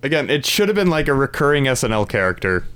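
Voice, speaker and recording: A man's voice: medium pitch, very animated, fast talker, a bit bright, clear, resonant tone. An enthusiastic man co-hosting a casual movie podcast, laughing often. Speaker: podcast co-host.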